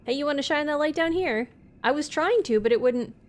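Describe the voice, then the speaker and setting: A woman's voice: high-pitched, brisk. A woman streamer playing a game live, reading its dialogue aloud between chatty asides to her viewers at a desk mic. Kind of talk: live let's play commentary.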